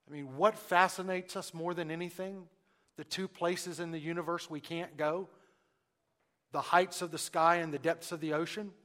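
Man preaching, slightly high voice, dramatic pauses, loud then hushed, questions to the congregation. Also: long reverb tail. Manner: dramatic pauses, swings from loud emphasis to near-hushed lines. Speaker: pastor. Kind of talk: sermon.

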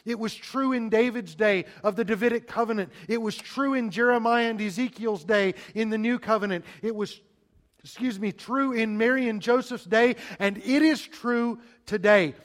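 A high-pitched male pastor delivering a sermon, pressing his congregation with rhetorical questions. He builds to forceful emphasis, then drops to a hushed near-whisper, leaving long dramatic pauses between phrases. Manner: calls listeners "beloved", asks rhetorical questions.

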